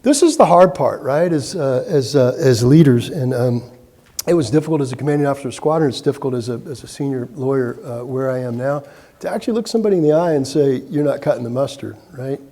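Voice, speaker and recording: A man's voice: medium pitch, lively intonation, fast, mellow, in a large hall. A middle-aged man giving a keynote speech, telling anecdotes in a conversational way with fillers and restarts. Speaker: keynote speaker. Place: large meeting hall.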